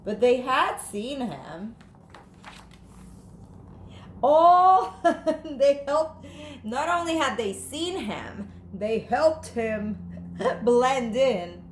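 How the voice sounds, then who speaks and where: A woman teacher reads a children's picture book aloud, animated and playful, her pitch swooping up and down a great deal. She goes very slowly and leaves long pauses. The room echoes and there's faint noise behind her.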